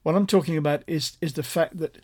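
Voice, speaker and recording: A man's voice: on the high side, steady tone, a little fast, darkish tone. A man preaching a sermon, explaining a passage point by point in an earnest, emphatic way that repeats key phrases. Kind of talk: sermon teaching.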